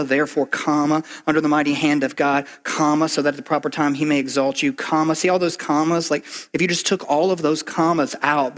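Fast-talking man preaching. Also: fairly high pitch. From Kentucky. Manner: conversational, fast, lots of "like" and "right?". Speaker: pastor. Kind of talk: sermon.

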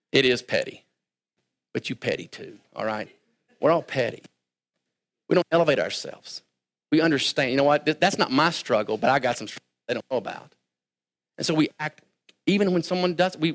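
A man preaching a sermon, talking conversationally and swinging between quiet asides and raised, emphatic lines. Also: fairly high pitch. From Kentucky. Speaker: pastor.

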